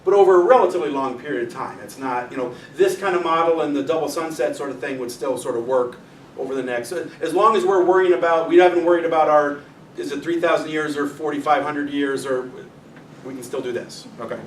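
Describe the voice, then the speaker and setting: A man's voice: on the high side, a little fast. A man giving an informal astronomy lecture to a club, chatty, directing helpers through a demonstration and joking with the audience. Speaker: physics teacher giving a club talk. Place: meeting room with an audience. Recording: echoey room, mic far off, faint noise.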